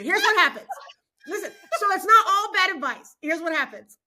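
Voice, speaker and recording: Bright, high-voiced animated woman speaker. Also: a little fast. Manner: expressive, preacherly, laughs often. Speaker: guest speaker. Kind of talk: animated podcast conversation.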